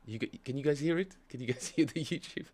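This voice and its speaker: Rambling man talking bass practice. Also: fast talker, a little mellow. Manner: rambling, many fillers and self-corrections. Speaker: bass player streaming his practice. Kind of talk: casual livestream teaching chat.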